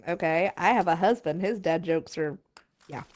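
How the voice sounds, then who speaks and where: A woman's voice: on the low side, normal speed, darkish tone. A woman on voice chat during a game stream, teasing her friend and laughing often. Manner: teasing, giggly. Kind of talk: casual gaming chat with friends.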